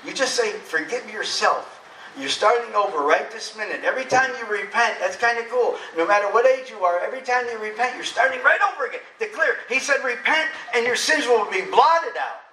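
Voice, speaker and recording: A middle-aged man preaching a sermon as pastor, emphatic, swinging between loud preaching and soft confiding. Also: high-pitched, lively intonation, a little fast, distant mic, a little hiss or hum. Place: church sanctuary. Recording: echoey church hall from off-mic.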